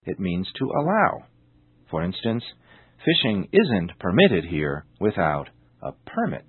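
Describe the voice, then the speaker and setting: Male English teacher, deliberate scripted delivery, heavy stress on key words; tinny lo-fi broadcast sound. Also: low-pitched, wildly swooping pitch, husky, no echo. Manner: slow, deliberate, exaggerated stress on example words. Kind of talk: scripted language lesson. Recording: tinny narrow-band radio sound.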